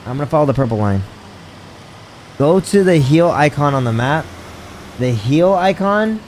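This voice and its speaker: Excitable swearing man streaming a game. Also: a little high, normal speed, a little hiss or hum, low-quality recording. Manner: excitable, swears often, yelps in surprise; talks to chat while reading menus aloud. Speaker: gaming streamer. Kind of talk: live gameplay commentary.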